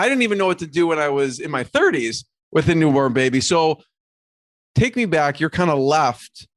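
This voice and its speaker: Podcast host with a dry sound. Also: male voice, on the high side, no room sound. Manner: relaxed, rambling questions with restarts. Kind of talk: interviewing a guest.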